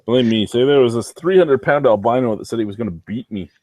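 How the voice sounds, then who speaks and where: A man's voice: medium pitch, expressive, fast talker, warm tone, no echo. A man guesting on a casual chat, telling stories in a dry, self-deprecating, sweary way from a basement. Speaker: guest reviewer.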